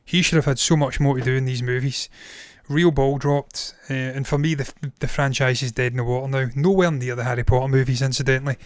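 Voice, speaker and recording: A man's voice: medium pitch, steady tone, brisk, few pauses, dry recording, clean studio sound. A man in his thirties ranking films on a casual live stream, blunt and opinionated, swearing freely, his voice tired and strained after hours of talking. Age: 30s. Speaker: film reviewer and live-streamer.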